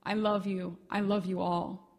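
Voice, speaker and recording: A woman's voice: mid-range voice, flat delivery, a little slow, in a large hall. Lady reading as a young woman falling apart, pleading, crying out. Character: distraught young woman in a breakdown.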